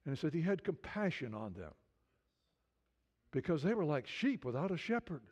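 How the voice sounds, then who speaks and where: A man's voice: fairly high pitch, sing-song, moderate pace, darkish tone. A man preaching a sermon in a conversational way, stumbling over restarts and building to fervent appeals. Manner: conversational preaching, many restarts, rising fervor. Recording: dull lo-fi sound.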